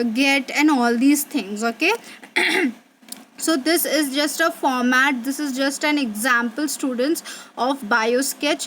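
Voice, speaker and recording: A young woman teacher with a high voice explains terms patiently to her students, pausing on fillers and repeating herself. Faint background noise sits under her recording. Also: a bit bright. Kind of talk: online revision lesson.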